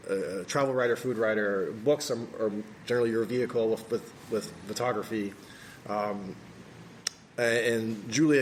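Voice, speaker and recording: A man moderates a live panel and puts questions to the guests. He talks haltingly, stumbling through fillers and repeated words, in a mid-pitched voice. Faint background noise sits under him. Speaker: event moderator. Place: cultural association event room.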